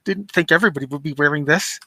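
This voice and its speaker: Man tabletop player, wry jokes, bright tone, fairly high. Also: fast talker, no echo. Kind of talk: tabletop game chat.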